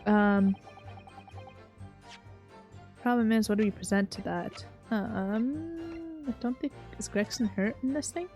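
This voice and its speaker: A woman playing through a story game, reading its text aloud and talking casually about what to do next. Her voice sits slightly high, and soft game music plays underneath. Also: takes it slowly, long pauses. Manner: casual, hesitant fillers while reading. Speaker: let's play host.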